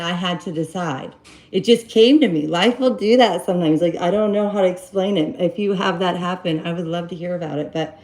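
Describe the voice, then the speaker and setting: A woman casually telling a personal story to her live-stream viewers, rambling and animated, acting out quoted dialogue. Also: on the low side, rough recording. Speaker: live-stream host giving relationship advice.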